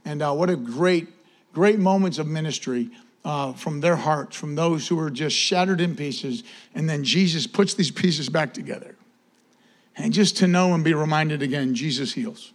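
A man, preaching a sermon and giving church announcements in an animated, casual way. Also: on the high side, moderate pace. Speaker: pastor.

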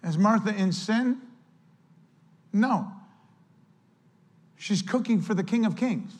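A male pastor preaches in an earnest, conversational way, turning often to address the church directly. His voice sits fairly high for a man. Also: lively intonation, slow pace, darkish tone. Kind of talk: sermon.

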